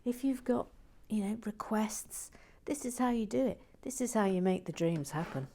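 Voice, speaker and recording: A woman hosting a brick-building channel, reading out viewer messages in a playful, sassy, theatrical way with hushed asides. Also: medium pitch, animated, normal speed.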